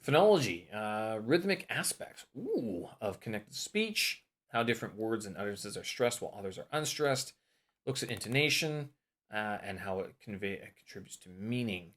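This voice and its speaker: A man's voice: fairly low pitch, animated, moderate pace, fairly bright tone. A man hosting a vlog, casually talking through course material while thinking aloud, trailing off and restarting, and testing word stress aloud on single words. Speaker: language-learning vlog host.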